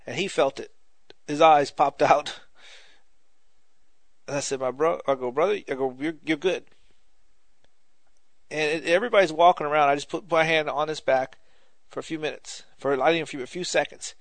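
A man's voice: fairly high pitch, moderate pace, long pauses, no echo. A man preacher giving an informal sermon, telling a testimony in a conversational way, repeating phrases for emphasis, then moving into prayer.

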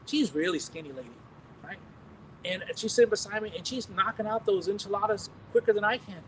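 High-voiced pastor telling animated stories. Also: male voice, fairly quick, recorded from a distance, slight background noise, low-quality recording. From United States. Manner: animated, chuckling, restarting phrases. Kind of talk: storytelling sermon testimony.

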